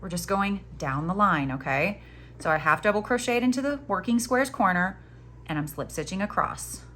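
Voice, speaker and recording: A woman hosting a casual crochet tutorial, chatty and playful, teasing herself and cheering on her viewers as she works. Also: moderate pace. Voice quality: chatty, playful, self-mocking. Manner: animated, jumps in pitch when excited.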